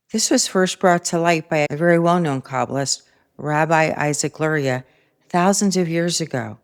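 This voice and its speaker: A middle-aged woman hosting a spiritual self-help talk, speaking calmly and reflectively and telling personal stories. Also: low-pitched, unhurried, pauses often, smooth. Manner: calm, reflective, personal storytelling. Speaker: host.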